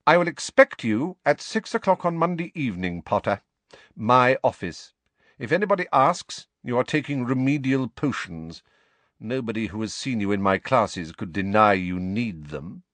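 A man's voice: mid-range voice, very animated, normal speed, fairly bright tone, no echo, voice pushed up. A man reading a story aloud, voicing a cold, silky, contemptuous middle-aged schoolmaster. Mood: silky contempt. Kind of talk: audiobook character reading.

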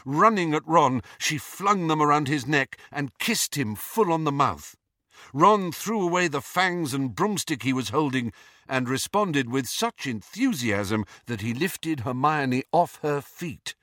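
A man narrates a novel with an animated, expressive reading, his pitch moving freely through each sentence. His tone is bright and forceful. The recording is dry and close, with no room sound. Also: unhurried, no room sound. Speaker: audiobook narrator. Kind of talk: scripted narration.

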